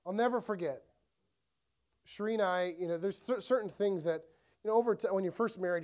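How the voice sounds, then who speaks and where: A man preaching from the pulpit in a relaxed, chatty way. He keeps checking in with the congregation through rhetorical questions and slips into quick acted voices for the thoughts he describes. The sound is of a church sermon. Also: high voice. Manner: conversational, asks the room rhetorical questions; acts out inner thoughts in quoted voices. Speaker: pastor.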